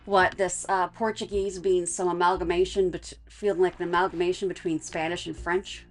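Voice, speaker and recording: Lady chatting along to a game, lowish voice, a bit of music under it. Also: flat delivery, normal speed. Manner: chatty, explaining at length. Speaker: co-host. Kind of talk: casual gameplay chat.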